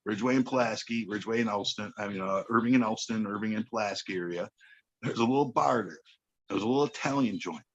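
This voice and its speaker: A podcast guest from Chicago tells a street story in a blunt, profane way during a casual chat, often checking in with "okay." He speaks fast with a lowish voice, and the recording has its highs cut off.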